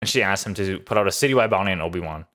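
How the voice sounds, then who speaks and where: A man's voice: deep voice, rapid-fire, a bit bright. A man casually recapping and reviewing a TV episode, upbeat and rambling with lots of fillers. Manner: enthusiastic, loose with many fillers. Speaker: show reviewer.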